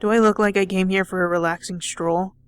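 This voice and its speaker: A woman's voice: mid-range voice, fairly even intonation, brisk, clean tone, natural voice. A woman voicing a brusque adult male detective who talks in a curt, bossy way while reading game dialogue aloud. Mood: gruff.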